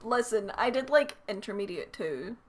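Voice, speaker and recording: A woman's voice: medium pitch, lively intonation, moderate pace, crowd noise. A young Scottish woman chatting casually as co-host, blunt and teasing, laughing easily. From Scotland. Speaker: co-host and timekeeper. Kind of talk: casual chat.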